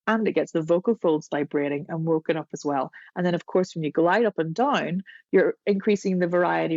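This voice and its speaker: A woman voice coach, chatting as a podcast guest and explaining vocal exercises in a demonstrative, unhurried way. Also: lowish voice, darkish tone, dry recording, muffled recording.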